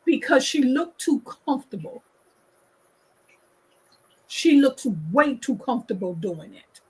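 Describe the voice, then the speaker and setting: A woman host with a high, husky voice shares her opinions in a slow, unhurried way. She is emphatic, stresses her points, and repeats them for weight. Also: big pitch swings, darkish tone, rough recording. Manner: emphatic, repeats points, acts out quoted people. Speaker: talk show host. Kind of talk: opinionated casual discussion.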